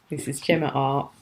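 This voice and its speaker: A woman's voice: deep voice, slight background noise. A British woman hosting a live craft show from home, chatting admiringly and laughing often. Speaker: craft channel host.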